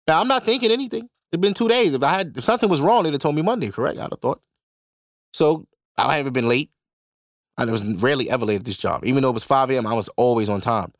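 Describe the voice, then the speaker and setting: Young dude podcasting, animated storytelling, lots of cussing, dry close mic. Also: male voice, fairly high pitch, quick pace, dry recording. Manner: animated, profane, conversational. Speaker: podcast host. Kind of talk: casual storytelling monologue.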